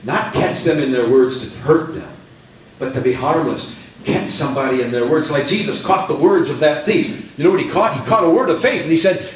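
A man preaching a sermon, swinging from hushed tones to shouted, dramatic passages. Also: a little high, brisk. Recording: roomy echo with faint background noise.

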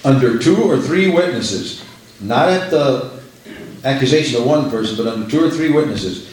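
A man's voice: medium pitch, animated, normal speed, darkish tone. A man preaching a sermon, emphatic, repeating phrases for effect. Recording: roomy echo.

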